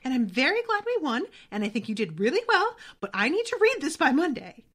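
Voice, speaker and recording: A woman voicing an anxious, studious teenage schoolgirl in a high-pitched, frazzled voice while reading a book aloud. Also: big pitch swings, a little fast, fairly bright tone.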